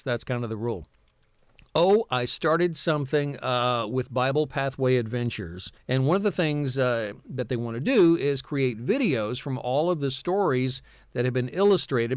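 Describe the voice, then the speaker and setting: Fifties guy doing voiceover, chatty and rambly, lots of uhs, mid pitch, dead dry room. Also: clean tone, no echo. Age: 50s. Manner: rambling, with many fillers and restarts. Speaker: voice-over artist. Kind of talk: casual vlog talk.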